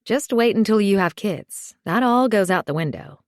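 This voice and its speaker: A woman voicing a calm young mother in an audiobook, explaining things gently. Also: medium pitch, moderate pace, no room sound, studio quality, natural voice.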